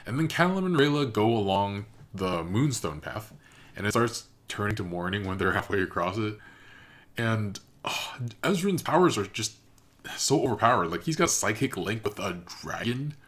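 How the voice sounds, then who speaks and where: A man's voice: lowish voice, lively intonation, moderate pace, fairly bright tone. A man hosting a reaction video, giving casual, thoughtful commentary and analysing what he has watched.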